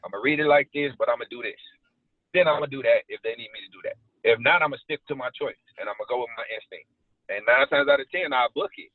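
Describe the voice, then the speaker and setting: Man, casual slangy storyteller, mid pitch, tinny dry recording. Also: quick pace. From South Side Chicago. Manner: animated storytelling with street slang. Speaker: actor guest. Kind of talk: casual interview chat. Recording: tinny phone-like dry sound.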